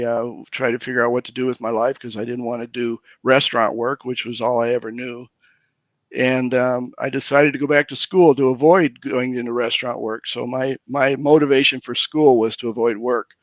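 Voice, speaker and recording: Older man, halting candid storyteller. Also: mid-range voice, fairly bright tone, dry recording, highs cut off. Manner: halting, repeats words as he restarts. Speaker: pastor and recovery guest.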